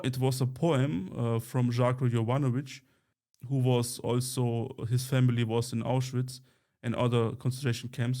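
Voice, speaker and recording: A man whose first language is Romani, co-hosting a podcast in casual chat, pausing often with fillers and restarts. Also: mid-range voice, warm tone. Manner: hesitant, many fillers and restarts. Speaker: podcast co-host, journalist.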